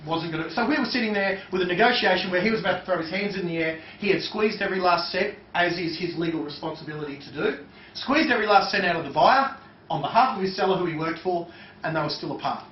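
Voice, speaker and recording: High-voiced man teaching in an echoey hall. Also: quick pace, slight background noise. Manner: chatty, loose and conversational, with many fillers. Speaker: seminar trainer. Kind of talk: live workshop teaching. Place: seminar room with a live audience. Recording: echoey, distant, dull lo-fi room recording.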